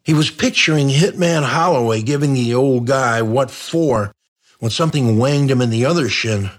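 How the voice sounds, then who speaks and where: A man's voice: mid-range voice, moderate pace. A man reading a comic crime novel aloud, in a dry, wry storytelling manner. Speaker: narrator. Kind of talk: audiobook narration.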